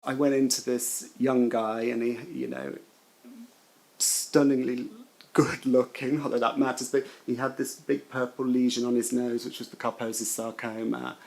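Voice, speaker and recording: A middle-aged man, a former nurse, giving personal testimony in an emotional, halting way, often repeating his words. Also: medium pitch, little pitch movement, vocal fry, darkish tone, rough recording.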